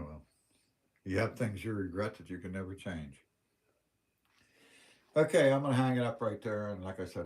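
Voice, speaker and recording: A man's voice: low-pitched, darkish tone. A man with a Western Pennsylvania accent, hosting a casual livestream and telling plain-spoken, rambling stories. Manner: folksy, plain-spoken storyteller. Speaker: livestream host.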